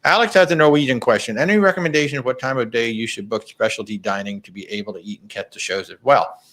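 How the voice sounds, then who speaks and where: A man's voice: medium pitch, quick pace, fairly bright tone. A middle-aged man hosting a live travel Q&A in a chatty, rambling way with frequent restarts. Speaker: travel agent show host. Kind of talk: live Q&A chat.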